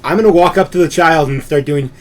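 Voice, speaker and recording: Brief: casual male player, fairly high pitch, joking tone. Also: fast talker, slight background noise. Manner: joking, admits bad at accents. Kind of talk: casual chat at a tabletop game.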